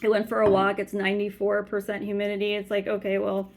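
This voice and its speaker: A woman in her forties ranting to camera, agitated and profane, swinging between loud anger and tired muttering. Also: medium pitch, monotone, quick pace, a little hiss or hum. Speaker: vlogger.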